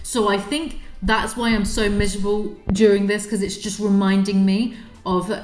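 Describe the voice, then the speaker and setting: A woman's voice: mid-range voice, steady tone, unhurried, a little mellow, echoey room, soft background music. A woman reading a book aloud and mocking it in dry, sarcastic commentary, rambling and swearing between passages. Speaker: video creator.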